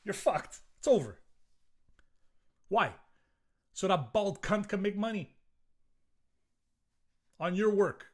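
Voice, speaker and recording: A man's voice: high voice, animated, slow, pauses often. A middle-aged man hosting a solo podcast, ranting in a profane, rambling way with frequent restarts. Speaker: podcast host.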